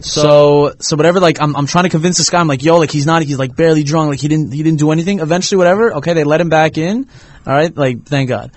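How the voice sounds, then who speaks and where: A young man telling an animated, slangy story in casual chat. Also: on the high side. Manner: animated storyteller, slangy, rushes when excited.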